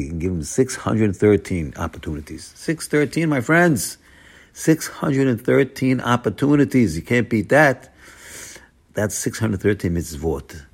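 This rabbi teaches Torah with real force, alternating between booming outbursts and hushed mutters, and he repeats words for emphasis. His voice is creaky with a breathy edge.

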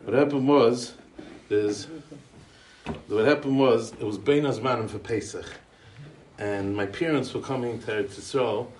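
Speaking a little slowly and pausing often, an American man with a medium-pitched, slightly mellow voice gives a eulogy as a chatty string of anecdotes. He uses lots of Yiddish and Hebrew yeshiva terms, rambling with restarts and chuckles. The distant mic sounds roomy, with a little hiss or hum.

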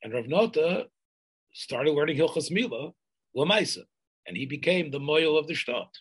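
An older man telling a community history in an oral history interview, halting and restarting often, sprinkling in Yiddish and Hebrew terms. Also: a little high, sing-song, husky, low-quality recording.

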